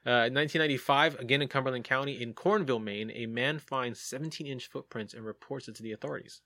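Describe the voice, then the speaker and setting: A man's voice: mid-range voice, fast, sharp tone, no room sound. Joking man reading spooky reports. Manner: jokey, reads reports aloud with asides. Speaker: podcast host reading sightings. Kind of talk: casual podcast chat.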